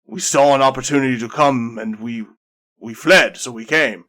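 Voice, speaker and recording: A man's voice: mid-range voice, moderate pace, fairly bright tone, close to an everyday voice. A man voicing a blunt male clansman in a tabletop game, speaking insistently. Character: blunt mustached man, clan member.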